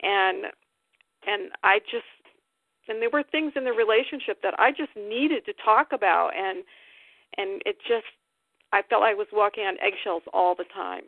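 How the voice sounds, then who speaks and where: A woman of middle pitch shares her feelings on a group call, candid and emphatic, with a laugh here and there. Her voice comes through dry and thin, like a phone line. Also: moderate pace, no room sound. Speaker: call participant. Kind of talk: casual personal sharing.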